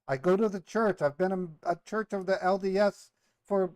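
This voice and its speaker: A man with a high voice stages a prank call as a rattled, self-righteous victim. He sounds close and dry, with no room around him, and keeps piling up defensive protests. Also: moderate pace, darkish tone, smooth, no echo. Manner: indignant, defensive, rambling protests. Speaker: scambaiter posing as a caller. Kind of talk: prank call role-play.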